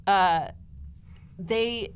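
A woman's voice: medium pitch, extremely slow, slight background noise. Teasing woman, casual chat. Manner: jokey, teasing. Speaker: podcast co-host.

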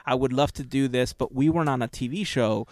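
An eager man co-hosts a casual podcast, pitching ideas as he thinks aloud with plenty of fillers. His voice sits at an ordinary middle pitch. The recording is dry and close. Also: a little fast, a little mellow, no room sound. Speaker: podcast co-host.

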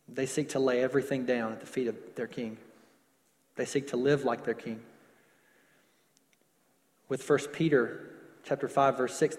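A man preaching a sermon, stretching words for emphasis and dropping to softer closing lines. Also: medium pitch, long reverb tail. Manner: preaching with slowed emphasis and falling soft endings. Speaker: pastor.

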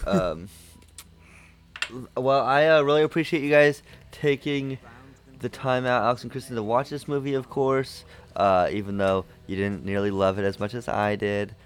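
A man's voice: mid-range voice, normal speed. A young man hosting a podcast in casual chat, rambling with lots of fillers and jokes. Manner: rambling, filler-heavy, jokey. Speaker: podcast host.

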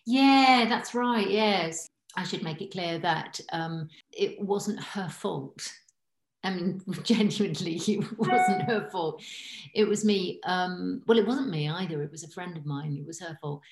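Actress-impressionist, low voice, giggly chat, roomy echo. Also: female voice, gravelly. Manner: chatty, giggly, slips into impressions. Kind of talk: casual chat, podcast guest.

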